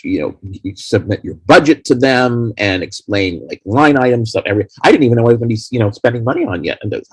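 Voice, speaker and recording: A man being interviewed as a guest, telling long rambling stories about making his film in a casual, animated way. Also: medium pitch, fast, few pauses, slightly rough, no echo. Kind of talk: casual anecdotal storytelling.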